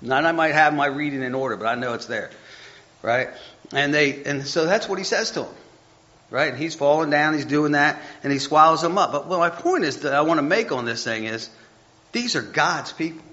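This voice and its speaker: A man's voice: on the high side, lively intonation, normal speed, bright, forceful tone. A man giving a conversational sermon, chatty and self-deprecating, reading scripture aloud and stumbling over the text as he goes. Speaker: preacher. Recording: dull lo-fi recording.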